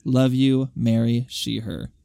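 A man's voice: mid-range voice, takes it slowly, creaky, smooth, no echo, studio quality. A man co-hosting a casual pop-culture podcast. He talks in a jokey, dramatic way and reads out a listener's letter. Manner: animated, jokey, dramatic asides. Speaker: podcast co-host.

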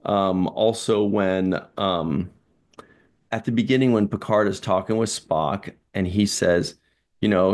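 A man's voice: on the low side, steady tone, unhurried, darkish tone. A man co-hosting a casual chat show, laughing often and acting out lines in silly voices. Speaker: podcast co-host.

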